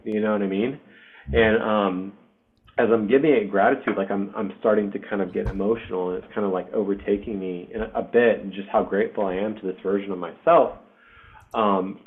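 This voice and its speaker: Man, 40s, low voice, candid emotional storyteller with swearing and fillers, heard over thin phone-like call audio. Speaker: spiritual group host. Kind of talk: casual personal storytelling. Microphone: online video session.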